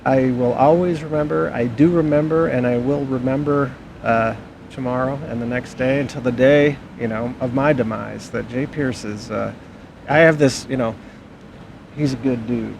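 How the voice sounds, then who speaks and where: A man with a gravelly, fry-laden voice tells a sincere story, circling back to repeat himself for emphasis. A faint hiss runs underneath. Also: mid-range voice, fairly even intonation, normal speed. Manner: earnest, repetitive. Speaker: podcast co-host. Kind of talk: casual storytelling chat.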